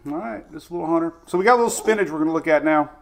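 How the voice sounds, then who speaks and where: A man's voice: fairly high pitch, racing, vocal fry. A middle-aged man hosting a live weather stream, chatty and upbeat, greeting viewers by name. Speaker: weather show host.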